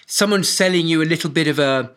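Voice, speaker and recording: A man's voice: on the high side, fast talker, background noise. A middle-aged man with an English accent, a podcast guest chatting in a wry, self-deprecating way with frequent restarts. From born in Hawaii, raised in Portugal and England. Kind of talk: casual podcast chat.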